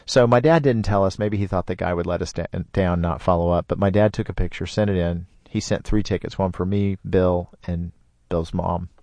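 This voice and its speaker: A man telling a personal story in casual conversation, lively, with sound effects. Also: low-pitched, fairly quick, hardly any pauses, no room sound. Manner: animated, with sound effects and put-on voices in quotes. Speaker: storyteller guest.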